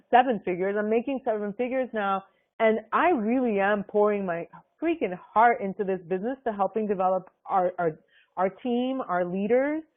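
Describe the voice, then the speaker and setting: Woman, team leader, effusive and gushing, tinny phone-like sound. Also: medium pitch. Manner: gushing, effusive, lots of fillers. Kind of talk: conference call chat.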